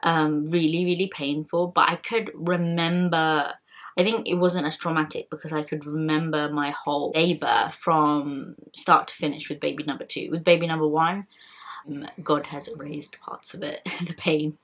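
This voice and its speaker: A young woman talks in a candid, rambling way, full of fillers and restarts. Her voice sits low for a woman. It is relaxed, everyday vlog chat. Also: normal speed. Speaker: vlogger. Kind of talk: casual chat.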